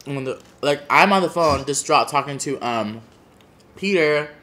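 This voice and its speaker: Dramatic storytelling man, slightly high voice. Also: animated, normal speed, bright, forceful tone. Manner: dramatic storyteller, repeats himself for effect. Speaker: guest. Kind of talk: casual storytelling over a meal.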